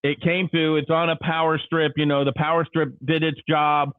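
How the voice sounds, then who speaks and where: A man's voice: a little high, little pitch movement, normal speed, no room sound. A man hosting a live local morning show, telling a rambling story in casual chat with many fillers and restarts. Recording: dry, phone-like narrow sound.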